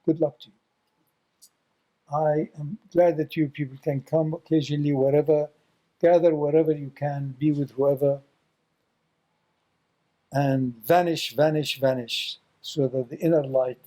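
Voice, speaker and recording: Animated, higher-voiced man giving a spiritual talk. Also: a little slow, long pauses, poor audio. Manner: animated storyteller, repeats words for emphasis; blunt, teasing. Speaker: Sufi teacher.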